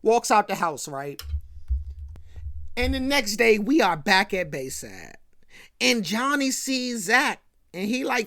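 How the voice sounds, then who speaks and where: A woman's voice: mid-range voice, big pitch swings, takes it slowly, long pauses, sharp tone, dry recording, clean studio sound. A woman hosting a casual recap rant, slangy and constantly checking in with the listener. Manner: slangy, keeps checking in with "right?". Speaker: show host.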